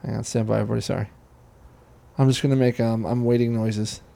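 A man's voice: mid-range voice, steady tone, fast, vocal fry, warm tone. A man hosting a podcast, telling a long, profane, rambling story in casual chat. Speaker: podcast host.

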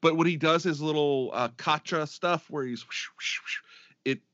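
A man's voice: fairly high pitch, normal speed, a bit bright, no echo. A middle-aged man co-hosting a podcast in casual chat, rambling and enthusiastic, with many restarts. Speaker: podcast co-host. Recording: dry, dull lo-fi sound.

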